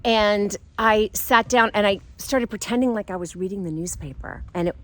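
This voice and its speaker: A middle-aged woman casually telling a personal story, playful and giggly, acting out quoted voices. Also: normal speed. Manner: animated, acts out quoted voices with big pitch jumps.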